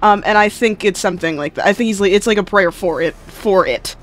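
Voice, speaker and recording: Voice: mid-range voice, fairly quick. A player in a tabletop game who talks hesitantly, with many ums, thinking aloud about their character's actions. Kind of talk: casual tabletop play.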